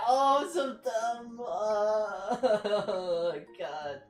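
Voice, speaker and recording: On the high side and extremely slow, this woman's voice hardly pauses at all. She is a virtual streamer chatting live, flustered and apologetic, poking fun at herself and exclaiming frequently, with faint background music echoing around the room.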